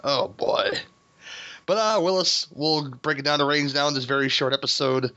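A man's voice: fairly high pitch, moderate pace, bright, forceful tone. Male podcast host, casual movie chat, laughs and curses a lot, slightly muffled lo-fi sound. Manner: laughing, swearing, rambling with restarts. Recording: dull lo-fi sound.

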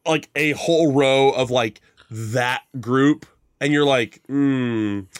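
A man's voice: medium pitch, slow, dry recording, clean studio sound. A man co-hosting a podcast in casual chat, telling stories with lots of fillers. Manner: chatty storytelling with many fillers. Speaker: podcast co-host.

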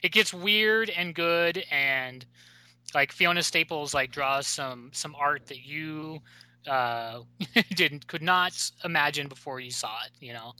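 A man co-hosts a relaxed comics podcast, talking loosely with plenty of fillers and laughs. His voice sits a little high and sounds very bright. The sound is close and dry. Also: takes it slowly, clean tone, no echo. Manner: chatty, laughs often, many fillers. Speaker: podcast co-host. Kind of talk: casual chat about comics.

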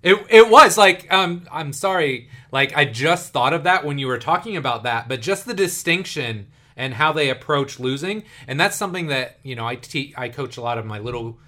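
A man in his thirties hosts a casual podcast chat with a bright, forward voice. He tells stories with animation and slips into the voices of the people he quotes. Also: medium pitch, animated, brisk, few pauses. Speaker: podcast host and youth coach.

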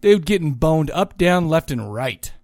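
A man with a high, lively voice that swings up and down as he jokes and rambles through casual podcast chat. He is recorded dry and close on the mic. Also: unhurried, no echo. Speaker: podcast co-host. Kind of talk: casual movie and music chat.

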